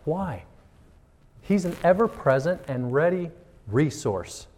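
A man, a pastor preaching a sermon in church, animated and acting out the voices and prayers he quotes. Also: fairly high pitch, takes it slowly.

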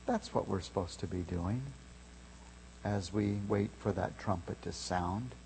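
A man preaching a sermon, telling a story with loud shouted calls at its peak. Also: sits low, a little slow, slight background noise. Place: church sanctuary. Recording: long reverb of a large hall.

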